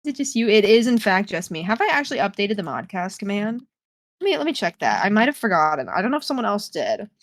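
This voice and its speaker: A woman's voice: medium pitch, sing-song, fast talker, no room sound, clean studio sound. A woman live-streaming a game, chatting with her viewers in a playful, dramatic way and reading the game's text aloud. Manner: playful, dramatic, talks to chat.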